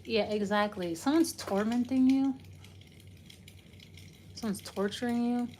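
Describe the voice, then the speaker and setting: A woman's voice: a little high, measured pace, dark tone, slight background noise. A woman giving a casual, loose tarot reading, rambling and trailing off as she talks it through. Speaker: tarot reader.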